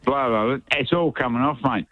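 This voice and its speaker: An Australian man rambling cheerfully down a muffled phone line to a radio show. He keeps losing his thread and joking around. His voice sits in a middle pitch with no dryness of a studio. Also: fairly quick, no echo. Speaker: caller. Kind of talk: talkback radio call.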